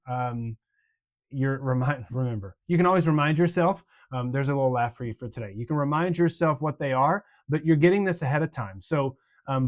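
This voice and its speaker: Chatty man with a raised pitch. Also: a little mellow. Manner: casual and chatty, many ums and uhs; demonstrates motions with slow emphatic recitation. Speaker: children's pastor. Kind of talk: volunteer training walkthrough.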